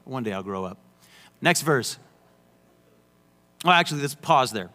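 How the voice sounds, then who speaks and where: A man's voice: medium pitch, animated, unhurried, long pauses, pushed and bright. A young adult man preaching a sermon, emphatic with joking asides. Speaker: pastor. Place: church sanctuary. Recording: long hall reverb.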